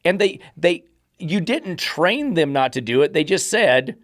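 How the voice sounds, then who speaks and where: A man's voice: on the high side, sing-song, a little slow, a bit bright, dry recording. Blunt, emphatic man with a dry close sound. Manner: blunt, emphatic, swears, acts out dogs' thoughts. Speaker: dog trainer and podcast host. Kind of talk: casual podcast chat.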